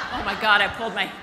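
A woman's voice: on the high side, heavy background noise. A woman giving a comic keynote speech at a conference, telling chatty, self-mocking stories. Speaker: keynote speaker. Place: conference hall with a live audience. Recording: echoey hall recording.

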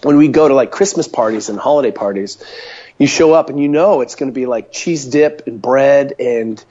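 A man talking as an interview guest over a call, an animated storyteller full of fillers, standing at a home counter. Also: medium pitch, normal speed, husky. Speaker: guest, mobility coach. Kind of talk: casual interview by phone call. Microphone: phone or call line. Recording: dull lo-fi call audio.

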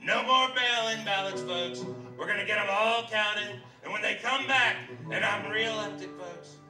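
A man's voice: high-pitched, measured pace. A man doing a brash bragging politician. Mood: ranting. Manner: bragging, repeats "folks" and "tremendous". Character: brash boastful male politician impression, older. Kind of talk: comedy sketch impression. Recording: echoey room, far from mic, music behind.

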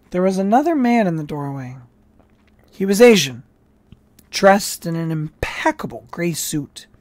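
Storybook narrator, mid-pitched, unhurried and steady, dry close recording. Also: no room sound. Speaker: audiobook reader. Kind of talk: reading a novel aloud by chapter.

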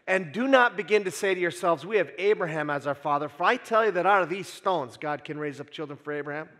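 A man's voice: on the high side, lively intonation, fast talker, fairly bright tone. A man putting on a thundering Scottish prophet. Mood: scolding. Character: fiery male prophet preaching to crowds. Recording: long church hall reverb.

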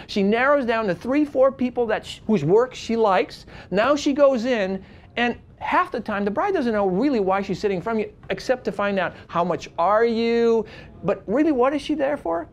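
A wedding photographer teaching a seminar, telling stories in an animated, conversational way with frequent restarts and big swings from quiet to loud. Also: male voice, very high-pitched, moderate pace. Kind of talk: lively storytelling lecture.

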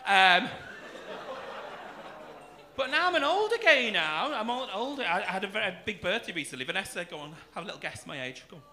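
Man, forties, stand-up comic, camp and cheeky, high lively voice, noisy club with audience. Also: fairly quick. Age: 40s. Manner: camp, cheeky crowd work with swearing. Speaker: stand-up comedian. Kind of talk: stand-up comedy set. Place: comedy club stage. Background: audience laughter.

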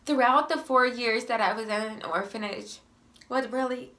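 A woman's voice: fairly high pitch, moderate pace. A young woman speaks straight to her viewers. She has a cold, so she sounds stuffy and a little short of breath. Her voice sighs, climbs and sometimes drops almost to a whisper as she grows emotional. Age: young adult. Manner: emotional, sighing, voice rising and softening. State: sick with a runny nose. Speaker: vlogger telling her life story. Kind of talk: personal storytelling to camera.

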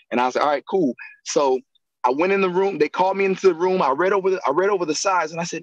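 Speaking briskly in a voice on the high side, this guest, an actor and acting coach, spins animated stories in a relaxed interview, laughing and imitating those he quotes. The recording has no room sound and its highs are cut off.

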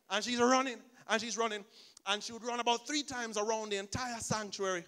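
Animated, bright-voiced man preaching. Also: very high voice, fairly quick. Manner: animated storytelling, acts out the people he describes. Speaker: pastor. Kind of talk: sermon.

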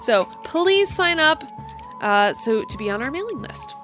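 A woman's voice: high-pitched, very animated, measured pace, a bit bright, soft background music. A woman co-hosting a podcast, chatting casually and promoting the show in an upbeat way. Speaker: podcast co-host.

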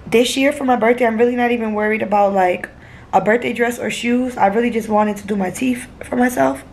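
This young New York woman's voice is on the high side and a little mellow, brisk and fairly even in intonation. She vlogs casually into her phone at arm's length from an airport and a hotel room, bluntly and with swearing, tearing up at times.

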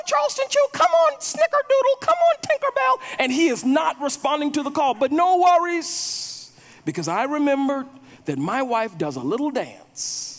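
High-voiced male pastor in an echoey hall. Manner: storytelling, repeats words when building a point. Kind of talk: sermon.

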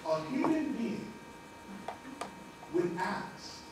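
A man giving a spiritual lecture, preachy and animated, with slangy street talk. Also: very high-pitched, extremely slow, very echoey, distant mic, heavy background noise. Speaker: spiritual teacher.

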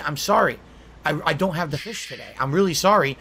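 A man's voice: on the high side, lively intonation, brisk, gravelly, pushed and bright. A man telling a rambling, repetitive story in a self-pitying way, played back from a clip.

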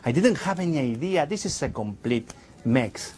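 A man works a crowd as a stage magician, his voice rising and falling with animated energy. He talks playfully in slightly broken English, and a faint hiss sits under the recording. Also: a little high, normal speed. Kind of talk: stage magic patter to an audience.

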